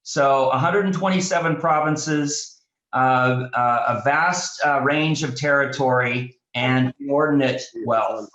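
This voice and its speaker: A man, a pastor, leading a Bible study class in a casual teaching style, speaking haltingly with many fillers and restarts. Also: medium pitch, a bit bright, echoey room, poor audio.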